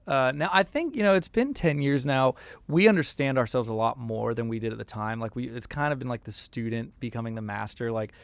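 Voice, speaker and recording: A man's voice: mid-range voice, expressive, brisk, dry recording. A man in his thirties, a musician guest in a casual interview, who tells stories animatedly with many fillers and acted quotes.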